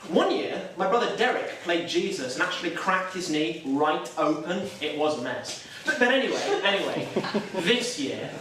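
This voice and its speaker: A man's voice: on the high side, sing-song, normal speed, sharp tone, slight background noise. An actor playing a nervous, self-doubting young Catholic man, talking in a hesitant, wry, self-deprecating way in a stage drama. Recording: echoey room, mic far off.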